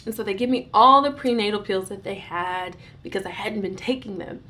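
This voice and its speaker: A young adult woman vlogger telling a storytime, recounting events in an animated, dramatic way with bursts of giggling. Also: mid-range voice, fairly quick. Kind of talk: storytime vlog.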